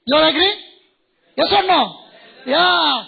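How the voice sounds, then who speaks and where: A man's voice: very high-pitched, expressive, moderate pace, gravelly, phone-quality sound. A man with an Indian English accent, a native Kannada speaker, giving a playful, humorous motivational address to new students and quizzing the audience. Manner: playful, teasing, questions the audience.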